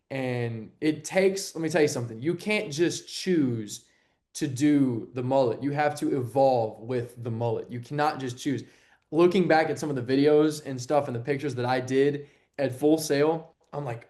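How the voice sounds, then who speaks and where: A young man from Texas, a sports anchor, telling stories as a guest on an interview podcast and acting out quotes in a higher voice. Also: moderate pace. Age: young adult. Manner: animated storyteller, acts out quotes with a jump in pitch. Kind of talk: casual interview chat.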